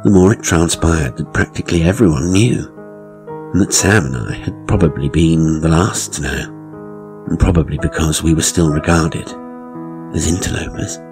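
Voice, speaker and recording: Deep-voiced horror narrator. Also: male voice, music in the background, low-quality recording. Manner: measured, dryly ironic storytelling. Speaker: author and narrator. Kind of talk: scripted horror story narration.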